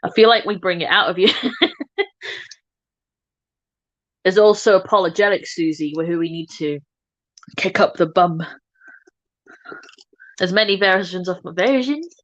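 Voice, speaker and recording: Playful, lower-voiced woman chatting while doing makeup. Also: a little slow, long pauses, no echo, dull audio. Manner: playful, self-mocking banter. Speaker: makeup livestream host. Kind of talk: casual chat while doing makeup live.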